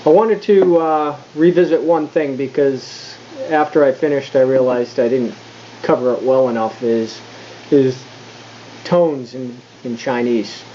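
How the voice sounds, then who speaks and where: Relaxed man demonstrating tones, muffled. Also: mid-range voice, slight background noise. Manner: relaxed, thinking aloud with fillers and restarts; slows right down to demonstrate tones. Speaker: language learner explaining Mandarin tones. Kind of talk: casual vlog lesson.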